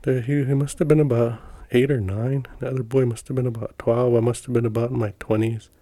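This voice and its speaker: A man's voice: medium pitch, level tone, a little fast, warm tone, no room sound. A middle-aged man from Montana telling personal stories in a rambling, folksy way, with many fillers and restarts. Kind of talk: casual storytelling.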